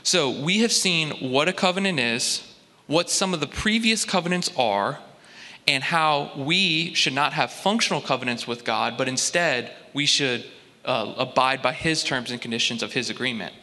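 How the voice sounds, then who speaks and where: A man preaching a sermon in a measured, explanatory way with deliberate pauses. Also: mid-range voice, expressive, sharp tone, in a large hall. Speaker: pastor.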